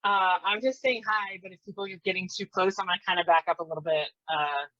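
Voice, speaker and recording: A hesitant woman guest player describes her character's cautious moves in a tabletop game. Her voice is lowish and dry, and it comes through a dull, lo-fi mic. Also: steady tone, quick pace, fairly bright tone, no echo.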